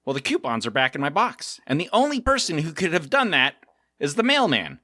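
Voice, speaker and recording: A middle-aged man from South Africa co-hosting a podcast, telling stories in a casual, animated way and acting out the voices of the people in them. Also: fairly high pitch, brisk, dry recording, clean studio sound. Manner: animated storyteller, acts out quotes. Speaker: co-host.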